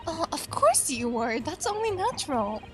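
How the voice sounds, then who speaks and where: A woman reading game dialogue as a gentle young Japanese assistant, proper and soft-spoken. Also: sits high, big pitch swings, normal speed.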